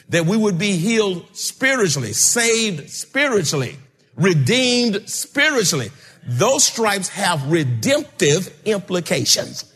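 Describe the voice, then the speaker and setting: A man preaching a sermon, calling out to his congregation and rising to shouts. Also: sits high. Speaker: pastor. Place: church sanctuary. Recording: long hall reverb.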